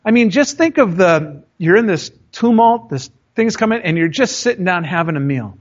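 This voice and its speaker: A middle-aged man preaches a sermon in a high, lively voice, telling stories and joking with his listeners. The recording is dull and lo-fi. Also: moderate pace. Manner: animated, joking storyteller. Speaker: pastor.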